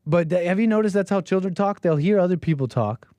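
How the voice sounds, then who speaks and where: Higher-voiced man, incredulous commentary. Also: animated, quick pace, mellow, no echo. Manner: incredulous and mocking, with frequent chuckles. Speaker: call-in show host. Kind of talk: casual commentary reacting to read-out text.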